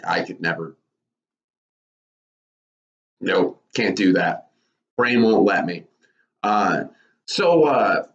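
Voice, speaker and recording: A man casually giving his thoughts on wrestling for his channel, rambling with lots of self-corrections. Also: fairly low pitch. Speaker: wrestling commentary YouTuber. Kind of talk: casual spoken commentary. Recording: roomy, dull lo-fi.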